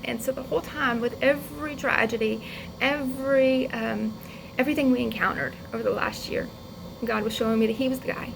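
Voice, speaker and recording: Woman, casual storytelling vlog, gravelly fry, slightly high voice, faint ambient hiss, animated quotes and laughs. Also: fairly quick. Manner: chatty, animated impressions, laughs often. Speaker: vlogger.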